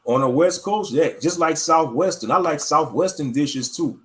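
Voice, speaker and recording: A man's voice: a little high, moderate pace. Laid-back man, rambling talk. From Louisiana, US South. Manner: relaxed, drawling, repeats phrases, laughs often. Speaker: commentator. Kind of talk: casual rambling monologue.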